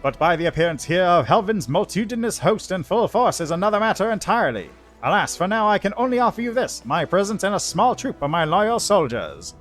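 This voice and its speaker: A man's voice: fairly high pitch, sing-song, a little fast, faint music behind. A man voicing a solemn, ancient male angel herald in a mock French-tinged, old sci-fi style voice, reading game dialogue.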